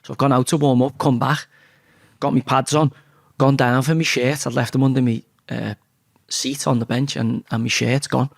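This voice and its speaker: Gravelly Scouse man telling stories. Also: mid-range voice, moderate pace, dry recording, studio quality. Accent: Liverpool Scouse. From Liverpool, England. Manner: blunt, swears freely, animated storyteller. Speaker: interview guest. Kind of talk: casual storytelling interview.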